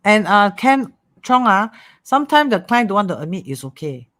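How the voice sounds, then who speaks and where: Metaphysics teacher, livestream class, animated, keeps checking "okay?". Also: mid-range voice, moderate pace. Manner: animated, repeats "okay?" and "ah", coaxing.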